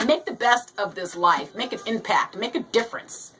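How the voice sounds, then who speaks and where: A woman's voice: medium pitch, lively intonation, moderate pace, a bit bright, far from the mic, slight background noise, low-quality recording. A woman hosting a casual show, chatting and reading a joke aloud, laughing often and acting out the voices as she reads. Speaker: host.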